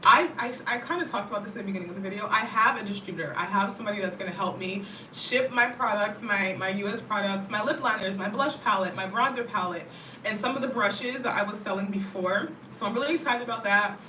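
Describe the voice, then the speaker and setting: An American woman chatting casually to camera as a vlogger, animated and talkative, often checking in with "you know what I mean". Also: medium pitch, quick pace, slight background noise. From United States. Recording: roomy, mic at a distance.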